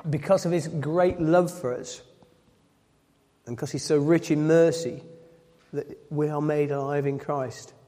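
A man delivers a sermon in a mellow, relaxed voice that sits a little high. He reads scripture aloud, then unpacks it with repeated phrases and quick self-corrections. His voice rings with a long reverb, as in a church hall. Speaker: preacher.

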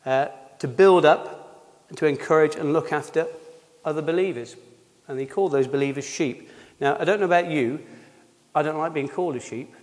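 A man giving an informal sermon, halting, with many fillers and restarts. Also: on the high side, a little mellow. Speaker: preacher. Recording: long reverb of a hall.

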